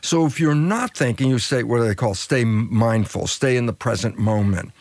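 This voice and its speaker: An older man, a biologist guest in an interview, explaining ideas with lively storytelling and acted-out dialogue. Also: moderate pace, no echo. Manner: acts out quoted dialogue, swings pitch widely for emphasis.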